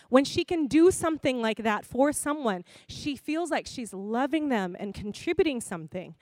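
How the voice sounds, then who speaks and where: A woman preaching a sermon in a conversational, expressive way, laughing often. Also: sits high, dry recording.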